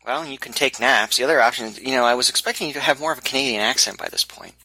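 A man's voice: medium pitch, fast, pushed and bright, breathy edge, low-quality recording. A man in a casual group chat, talking in a chatty, teasing way.

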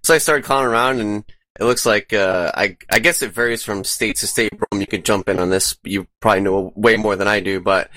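A man's voice: fairly low pitch, sharp tone, no echo. A man in a casual group chat, explaining earnestly and hesitantly, often repeating words.

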